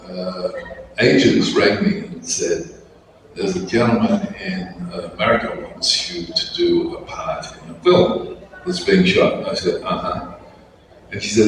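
A deep-voiced older Australian man, a convention panel guest, tells anecdotes with chuckles and acts out the people he quotes. The mic is distant, and the large convention hall echoes with crowd noise.

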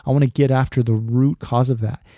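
A man's voice: mid-range voice, fairly even intonation, a little fast, warm tone, no room sound, studio quality. A man in his thirties hosting a faith podcast, talking earnestly in a conversational way, full of "like" and restarts. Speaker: podcast host. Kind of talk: casual faith podcast talk.

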